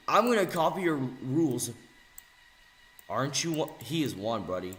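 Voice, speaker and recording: A young man ranting angrily on video, mocking and insulting, swinging between low mutters and loud yells. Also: big pitch swings, moderate pace, long pauses, a little hiss or hum. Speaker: video ranter. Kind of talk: angry rant video. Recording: echoey room.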